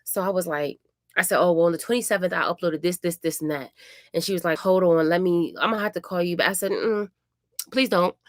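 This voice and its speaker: A woman with a fairly low voice tells a story to her vlog audience from home, chatty and animated. She acts out each person's lines as she goes. The recording is close and dry, with no room sound. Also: fast talker, no echo. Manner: animated, chatty retelling with acted-out quotes. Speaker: family vlogger, mother.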